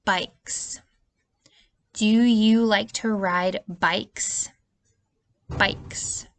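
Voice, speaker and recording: A woman's voice: medium pitch, fairly bright tone. A woman teacher giving a spelling lesson to young children, patient and stretching out the vowel sounds. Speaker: early-years teacher.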